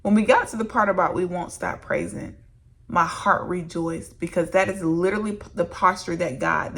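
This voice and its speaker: Woman minister, low gravelly voice, candid faith testimony straight to camera. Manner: earnest, emotional, addresses viewers as "y'all". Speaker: licensed minister and vlogger.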